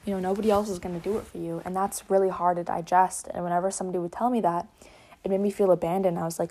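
A young woman hosts a podcast, mixing passages read from a book with her own loose reflections. Her voice sits low and stays fairly level in pitch. She rambles and corrects herself as she thinks aloud. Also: flat delivery, very fast, mellow. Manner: rambling, thoughtful, with fillers and self-corrections. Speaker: podcast host reading a book. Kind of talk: casual reflective reading and chat.

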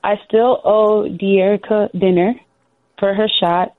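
A woman's voice: medium pitch, steady tone, slow, dry recording. A woman co-hosting a casual sports podcast, laid-back and joking, her voice a little off after a weekend of celebrating. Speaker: podcast co-host, former player. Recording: dry tinny phone-like line.

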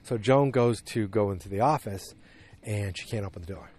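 Low-voiced man rambling through a recap. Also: brisk, a little mellow. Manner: meandering retelling with frequent restarts and fillers. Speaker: podcast host recapping a TV episode. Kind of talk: casual recap monologue.

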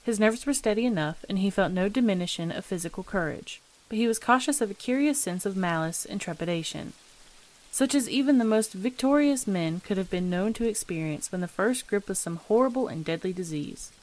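A woman narrating a classic ghost story as the host of a reading show, in a measured, steady manner. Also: medium pitch.

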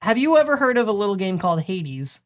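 A man's voice: high voice, big pitch swings, quick pace, a bit bright. A man in his twenties co-hosting a casual podcast, bantering emphatically and swearing freely. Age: 20s. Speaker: podcast co-host. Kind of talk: casual chat.

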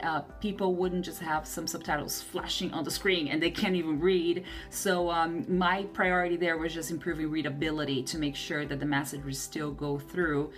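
A woman hosting a podcast about translation work, telling stories in a chatty way and acting out the voices she quotes. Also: on the low side. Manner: animated storytelling, acts out quoted voices. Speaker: podcast host, translator and subtitler. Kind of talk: casual podcast talk.

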